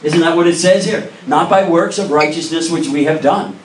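In a church sanctuary, a male pastor with a fairly high voice preaches at normal speed, earnest and emphatic as he presses the congregation with direct questions. Crowd noise is audible, the room echoes, and he is recorded from a distance.

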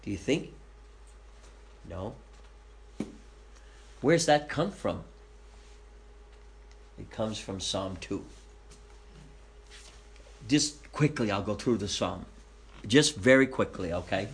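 A man's voice: medium pitch, expressive, measured pace, long pauses. Man teaching a Bible study. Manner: reads scripture aloud, then explains it conversationally, asking the group questions.

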